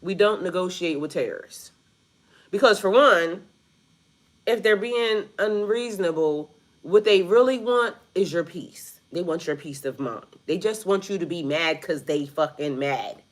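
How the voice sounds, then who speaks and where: In a lowish voice and at a slightly slow pace, a woman offers a casual spiritual reading addressed right to her viewers. She's profane and blunt, fills her speech with "like," and refers to her audience as "y'all."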